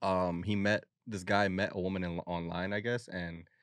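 A young man co-hosting a podcast, telling stories in a laid-back, slangy way. His voice sits very low, and the sound is close and dry with no room around it. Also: little pitch movement, normal speed, a bit bright, no echo. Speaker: podcast host. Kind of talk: casual chat.

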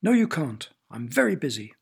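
A stern, grumpy gardener father from a children's storybook, speaking in short, snappy outbursts. His voice is pushed higher and sounds gravelly and husky, as a male narrator puts him on. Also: big pitch swings, moderate pace, exaggerated voice. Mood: snappish. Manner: snappy, exclaiming.

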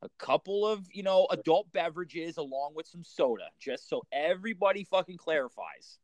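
A man's voice: fairly high pitch, lively intonation, moderate pace, no room sound. A man co-hosting a podcast, telling blunt stories full of swearing in casual chat.

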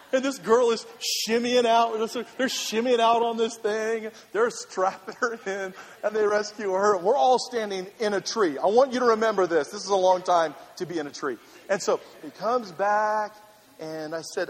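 High-voiced pastor in a big hall. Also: male voice, husky. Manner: animated, laughing through a funny story, then earnest. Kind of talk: storytelling sermon. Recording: reverberant hall with faint ambience.

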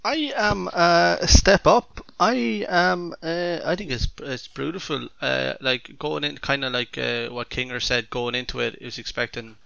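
A man from Ireland reviewing a stout on a podcast with lively enthusiasm. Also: mid-range voice, creaky, clean tone, dry recording, highs cut off. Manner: enthusiastic, animated. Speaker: podcast co-host, beer reviewer. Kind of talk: casual chat.

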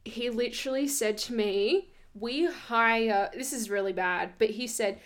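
A woman's voice: on the high side, unhurried. A young woman, telling stories in a casual chat and laughing often. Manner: animated storyteller, laughs often.

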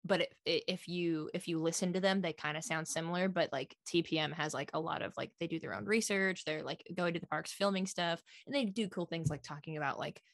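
A young woman, a podcast guest, chatting casually and excitably with lots of fillers. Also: deep voice, brisk, few pauses, no room sound, clean studio sound.

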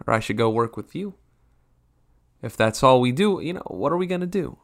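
Man, around 30, mid-pitched voice, loose comic rant with swearing, lots of restarts and self-mockery. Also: sing-song, a little slow, pauses often. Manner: rambling, profane, self-mocking, frequent restarts. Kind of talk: casual comedic rant.

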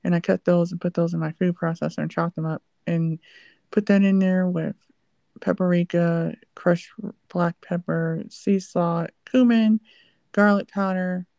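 Gravelly-voiced woman host, chatty. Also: on the low side, steady tone, unhurried, mellow, no echo. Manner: chatty, lists things at length. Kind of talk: casual chat about food.

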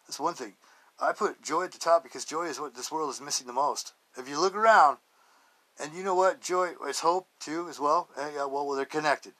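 A podcast host with a slightly high, slightly bright voice talks a little fast. Laughing frequently, he rambles through a casual, joking solo monologue that moves between stories and life advice.

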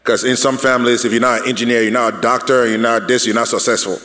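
A man's voice: mid-range voice, fairly even intonation, quick pace, sharp tone. Earnest man speaking in a reverberant hall. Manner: earnest, repeats and restarts while building a point. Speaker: panelist. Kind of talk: church panel discussion.

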